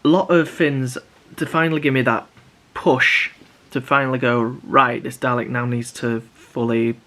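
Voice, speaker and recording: A man's voice: mid-range voice, flat delivery, normal speed, bright, forceful tone. A young man chatting casually to camera about building props, rambling with many restarts. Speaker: prop maker vlogger.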